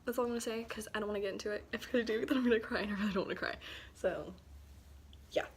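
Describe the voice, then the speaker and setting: A teenage girl student chatting casually to camera, rambling, sighing and often dropping into soft near-whispers. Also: mid-range voice, rapid-fire, a little hiss or hum. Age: teens. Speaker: student vlogger. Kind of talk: casual chat.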